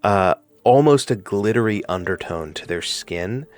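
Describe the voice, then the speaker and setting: A man's voice: fairly low pitch, expressive, measured pace, dry recording. A man narrating a tabletop game as game master, hesitant with many fillers.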